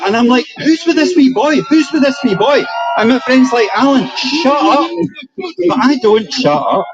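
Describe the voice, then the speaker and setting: A Scottish man giving an animated, emphatic speech at an outdoor rally. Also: high voice, highs cut off. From Scotland. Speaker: rally speaker.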